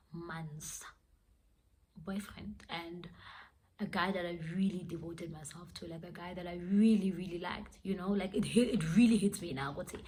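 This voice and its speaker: A young woman with a South African accent, telling a dramatic personal story in a casual, lively way and switching between English and Sesotho phrases. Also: lowish voice. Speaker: vlogger.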